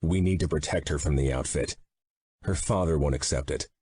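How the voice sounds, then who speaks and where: A man voicing a stern mafia boss who is worried for his brother, in a dry, measured audiobook reading. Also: a bass voice, dark tone, slightly rough. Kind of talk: audiobook narration.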